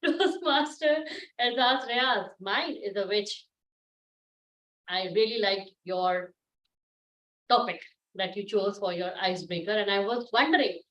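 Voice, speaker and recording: A middle-aged woman gives a cheerful, encouraging speech evaluation over a video call. Her voice sits fairly high and bubbles along in an upbeat, chatty way. She sounds far from her laptop mic in an echoey room. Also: fairly bright tone, lo-fi sound. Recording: echoey distant laptop audio.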